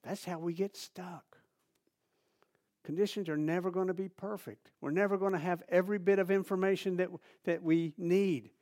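A man preaching a sermon, animated and repetitive, building emphasis and dropping to soft asides. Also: sits high, normal speed. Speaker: pastor.

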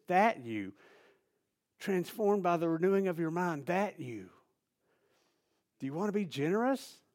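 A man preaching a sermon, animated and repetitive, building emphasis and dropping to soft asides. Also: high voice. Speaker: pastor.

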